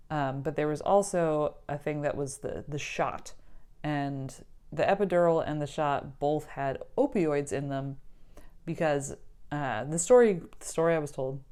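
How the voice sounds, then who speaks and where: A woman's voice: low-pitched, darkish tone, clear, resonant tone. A young adult woman casually telling a personal story, chatty, often laughing and filling with "like". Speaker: vlogger telling her birth story.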